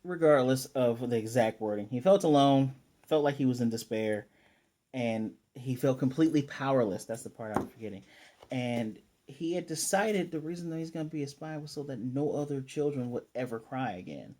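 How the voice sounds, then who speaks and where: Male anime reviewer, casual recap, mellow voice, animated delivery. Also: mid-range voice, normal speed. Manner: animated, acts out the characters.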